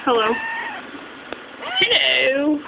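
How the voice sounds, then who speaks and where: A woman's voice: sits high, lively intonation, drawn-out words, creaky, narrow, tinny audio, noisy background. A woman filming her kittens at home, cooing at them in giggly baby talk. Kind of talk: casual home video.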